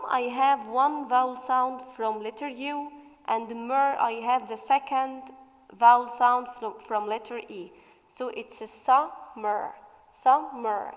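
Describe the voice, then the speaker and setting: A woman English teacher going through a revision worksheet, stretching out example words slowly as she explains. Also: high-pitched, a little mellow, long reverb tail, low-quality recording.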